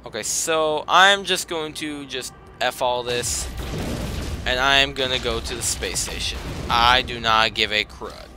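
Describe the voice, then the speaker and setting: A man giving casual let's play commentary, breaking into excited outbursts and complaints, then muttering to himself while sorting gear. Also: medium pitch, measured pace. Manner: self-talk, mutters and trails off while managing inventory. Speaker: gaming commentator. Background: game music.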